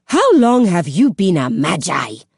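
A woman's voice: very animated, takes it slowly, dry recording, studio quality. A woman voicing a frightened young woman soldier who turns tense and accusing, in a storybook reading. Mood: fearful. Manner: tense, accusing, high-strung.

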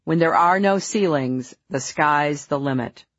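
A woman reading her own memoir aloud in a measured, earnest, reflective way. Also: low-pitched, dry recording, muffled recording. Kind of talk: memoir audiobook narration.

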